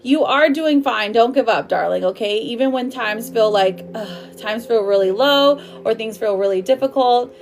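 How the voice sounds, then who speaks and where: A woman's voice: a little high, moderate pace, few pauses, slight background noise. A woman giving a live-streamed tarot reading in a chatty, affectionate way, calling her viewers darling and my love. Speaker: tarot reader.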